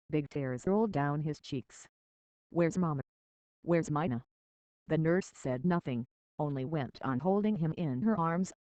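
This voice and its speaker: A storybook narrator reads a children's novel in a measured, steady way. The recording is dull and lo-fi, and the sound is dry, with no room around it. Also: mid-range voice, dry recording. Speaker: audiobook reader.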